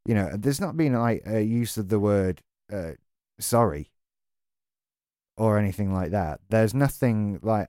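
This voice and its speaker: A man's voice: on the low side, animated, measured pace, dark tone, no room sound, studio quality. A man delivering an exasperated, sarcastic, sweary rant as a tech vlogger. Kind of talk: ranting monologue to camera.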